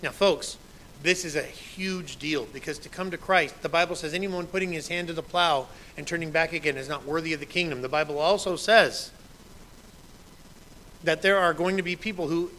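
A man in his thirties preaching to his congregation, his voice bright and a little higher than most. He talks in a casual, conversational way and leans into the scripture he quotes. A faint hiss of noise sits under the recording. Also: moderate pace, rough recording. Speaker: pastor. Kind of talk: sermon.

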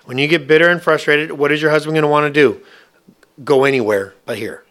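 A man's voice: fairly high pitch, fast, a bit bright. A man preaching a sermon, asking his listeners question after question in a conversational way. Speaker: pastor.

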